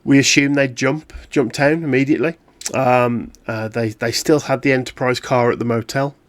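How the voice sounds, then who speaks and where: A man voicing a composed female field agent who gives a flat, halting report. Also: mid-range voice, dry recording, close to an everyday voice. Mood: flat debrief. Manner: matter-of-fact, halting report.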